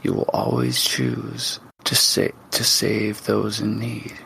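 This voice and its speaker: A man's voice: on the low side, big pitch swings, takes it slowly, creaky, a bit bright, a little hiss or hum, heavily acted. A man voicing an anguished, unhinged wizard father who pleads and rages, sometimes falling to a whisper. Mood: solemn. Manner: pleading and raging, dropping into whispers.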